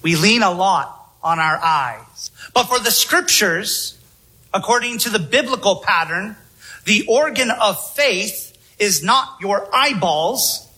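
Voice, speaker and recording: Bright, husky-voiced male preacher. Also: sits high, expressive, rough recording. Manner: measured, emphatic preaching with rhetorical questions. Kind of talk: sermon.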